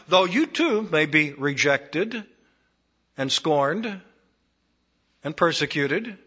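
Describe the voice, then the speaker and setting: A man's voice: fairly high pitch, big pitch swings, takes it slowly, pauses often, pushed and bright, husky, dull audio. A man preaching an expository sermon, repeating phrases for emphasis.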